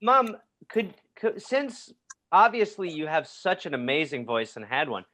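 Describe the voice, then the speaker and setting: A man's voice: a little high, big pitch swings, measured pace, bright, forceful tone. Teasing, sarcastic man hosting. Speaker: podcast host. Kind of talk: comedic banter. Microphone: video call.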